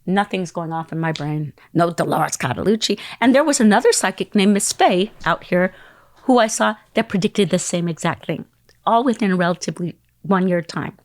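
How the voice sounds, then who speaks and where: A middle-aged woman spinning a lively anecdote as a podcast guest. Her voice sits a little low for a woman and comes across dry and close. She acts out other people's lines and sometimes drops into a whisper. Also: moderate pace, no room sound. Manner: acts out quoted voices and phone calls, dropping into whispers. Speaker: interview guest. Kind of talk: animated storytelling.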